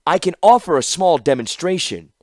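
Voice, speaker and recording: A man voicing a proud, cunning woman artificer who speaks in formal, flattering address. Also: a little high, moderate pace, dry recording, clean studio sound, voice pushed up.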